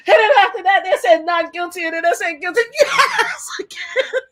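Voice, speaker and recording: A woman guest, a survivor advocate, tells a story in an animated interview. She laughs often and acts out what people said. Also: extremely high pitch, fast talker.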